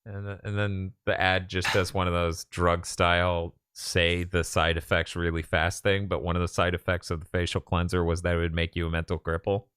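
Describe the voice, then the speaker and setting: A man's voice: low voice, level tone, normal speed, few pauses, fairly bright tone, clear, resonant tone. A man hosting a casual podcast, telling stories animatedly and swearing casually. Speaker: podcast host. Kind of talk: casual chat.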